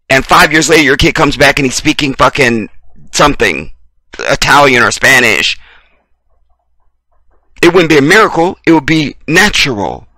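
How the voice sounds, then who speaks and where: A blunt American man delivers a heated, preachy monologue full of profanity, repeating short phrases for emphasis. His voice is bright and pointed. It is recorded close on a dry mic with no room sound. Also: mid-range voice, no room sound. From United States. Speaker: video commentator. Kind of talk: impassioned commentary rant.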